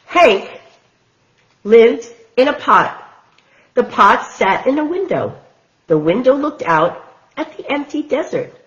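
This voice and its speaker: A woman reading a picture book aloud to small children in a gentle, sing-song way. She reads slowly, and her pitch rises and falls widely. The recording is slightly dull and lo-fi. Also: lively intonation. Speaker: children's storytime host.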